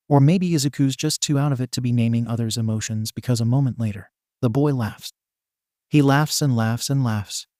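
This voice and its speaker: A man narrating a fan fiction story in a steady, even reading voice. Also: mid-range voice, no room sound, clean studio sound. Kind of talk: scripted narration.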